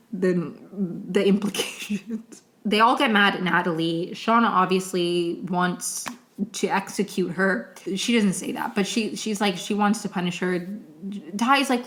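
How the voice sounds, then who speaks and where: A woman's voice: lowish voice, a bit bright. Emotional, rambling young woman podcaster. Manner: emotional, rambling, tearful at times, many "like"s and restarts. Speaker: podcast host. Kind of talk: casual solo recap.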